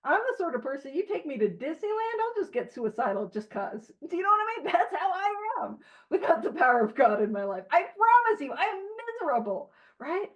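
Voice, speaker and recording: A woman leading a recovery book study, talking in an animated, joking, self-deprecating way. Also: sits high, fairly quick. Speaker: study leader. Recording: dull lo-fi recording.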